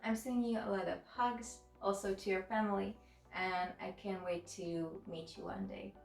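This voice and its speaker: A woman's voice: medium pitch, fairly even intonation, moderate pace, gravelly. A woman makeup vlogger chatting casually to the camera, giggling often and gushing with thanks. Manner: giggly, laughs often between words; gushing and grateful. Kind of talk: casual vlog chat to the camera. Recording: roomy echo with faint background music.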